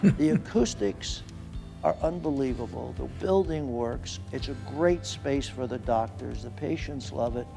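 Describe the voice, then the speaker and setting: A man giving an anecdotal speech at an event, animated and acting out the quotes in his story. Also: medium pitch, normal speed, gravelly, hardly any pauses, over music. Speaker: event speaker.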